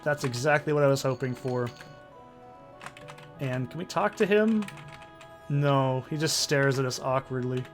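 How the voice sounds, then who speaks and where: Brief: male let's play host, excitable and profane, faint game music behind. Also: medium pitch, unhurried, pauses often. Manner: excitable, swears freely. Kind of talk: casual gameplay commentary.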